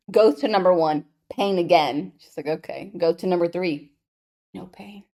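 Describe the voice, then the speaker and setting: Playful young female co-host, casual book chat, lowish pitch. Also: moderate pace, dark tone. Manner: joking, playful asides. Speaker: podcast co-host.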